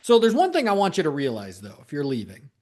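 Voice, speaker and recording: A man's voice: on the high side, huge pitch swings, fast talker, darkish tone. A man coaching salespeople in a solo talk, emphatic and repeating key points for stress, with the odd joking aside.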